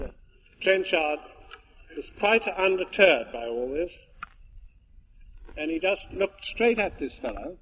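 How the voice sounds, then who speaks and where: An older retired air force officer giving a tribute speech, telling anecdotes with genial, dry humour to an audience. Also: male voice, on the high side. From England. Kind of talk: after-dinner speech with anecdotes. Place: hall with an audience. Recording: muffled archive recording with faint hiss.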